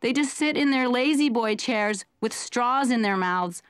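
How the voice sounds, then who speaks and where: A woman comedian delivering a chatty, self-mocking stand-up monologue as a therapy patient in an animated comedy. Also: a little high, unhurried, clear, resonant tone, dry recording, clean studio sound.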